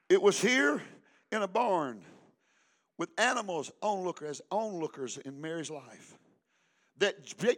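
Casting: older pastor, man, high piercing voice, preaching with call-and-response, hushed then shouting. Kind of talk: sermon.

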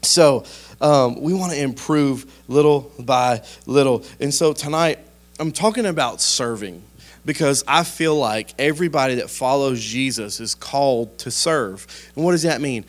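A man preaches a sermon at an ordinary pitch. He talks like he's chatting with friends, folksy and easygoing, then bursts into loud, animated moments when the story calls for it. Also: measured pace. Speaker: pastor.

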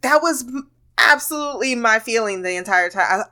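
A woman's voice: fairly high pitch, expressive, moderate pace, sharp tone. Rambling woman telling a casual story. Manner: rambling and candid, laughs often, swears. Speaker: podcast host. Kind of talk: casual monologue.

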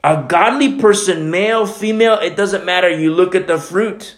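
A man's voice: high-pitched, normal speed, few pauses, reverberant. A man preaching a sermon as pastor, with emphatic, repetitive, conversational delivery. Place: church.

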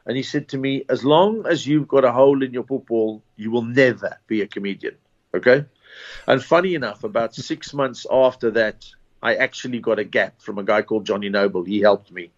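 A man's voice: medium pitch, brisk. A man with a South African accent, a comedian telling anecdotes in a casual interview with many restarts and chuckles. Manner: rambling anecdotes with false starts and laughs. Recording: dull lo-fi recording.

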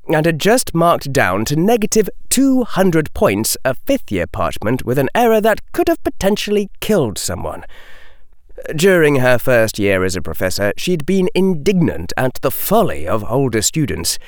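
Male storybook narrator, very animated and expressive, dry close recording. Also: medium pitch, dry recording. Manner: expressive, slows for dramatic stresses. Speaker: audiobook reader.

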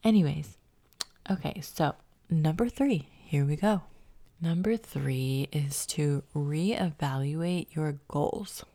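Woman podcaster, low gravelly voice, breathy half-whisper, slightly stuffy, encouraging, dry close sound. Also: takes it slowly, dark tone, no echo. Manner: upbeat, encouraging, laughs at herself. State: a little stuffy from a cold. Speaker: podcast host. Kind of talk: motivational solo podcast talk.

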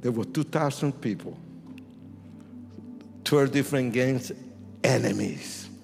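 A man giving a dramatic testimony sermon in a church, theatrical and bursting into shouts as he acts out scenes. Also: mid-range voice, slow pace, gravelly, faint music behind. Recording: long church hall reverb.

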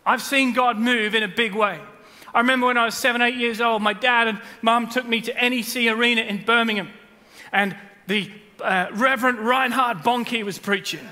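A man, preaching a sermon and telling stories with loud bursts and hushed asides. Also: very high voice, moderate pace, big-room sound. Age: 40s. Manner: animated storytelling, swings between loud bursts and hushed asides. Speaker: pastor. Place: large church hall.

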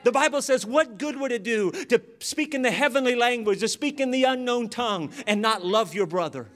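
A man preaching a sermon, telling a personal story with animated delivery and acted-out voices. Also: extremely high pitch, fairly quick. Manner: animated, acts out voices in his stories. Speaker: pastor.

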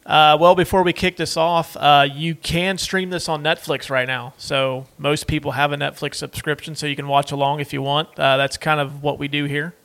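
A man's voice: on the high side, flat delivery, normal speed, gravelly, hardly any pauses, fairly bright tone, clean tone. A man co-hosting a casual movie watch-along podcast, loose and rambling, with plenty of fillers. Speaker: podcast co-host.

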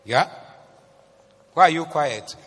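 Man, pastor preaching a sermon, slow unhurried delivery, bright voice, mixes English and Twi, long hall reverb. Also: fairly high pitch, animated. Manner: swings between soft asides and loud emphatic preaching.

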